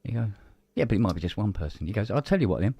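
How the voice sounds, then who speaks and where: A man telling a long joke in casual chat, animated and jumping into high voices for the people in it. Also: very fast, husky, dry recording. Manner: animated storyteller, swings into high voices for characters. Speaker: co-host.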